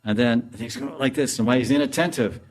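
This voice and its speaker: A man giving a storytelling sermon as a spiritual teacher, animated and laughing as he tells it. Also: medium pitch, quick pace. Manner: animated, laughs while telling.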